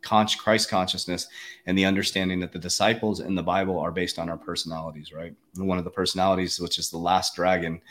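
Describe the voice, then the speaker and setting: A man with a very deep voice talks quickly in a casual chat. He speaks earnestly and with emphasis, stacking fillers and restarting his sentences. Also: a bit bright.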